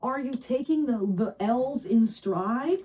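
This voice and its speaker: A woman of around forty from New Jersey giving a casual tarot reading to camera, chatty and excitable, often breaking into laughter and high squeals. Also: slow, rough recording. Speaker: tarot reader.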